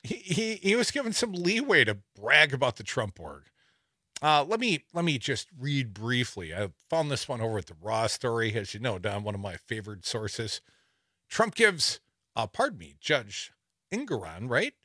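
A man's voice: mid-range voice, very animated, normal speed, pushed and bright, dry recording. A man hosting a talk radio show, reading news stories with sarcastic asides and a wry, laughing delivery into a studio microphone.

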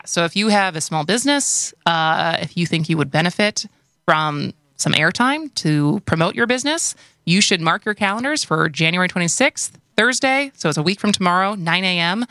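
A woman's voice: fairly low pitch, bright, forceful tone, no room sound, studio quality. A woman with a Wisconsin accent co-hosting a radio talk show, chatting loosely and giggling often. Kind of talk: casual radio chat.

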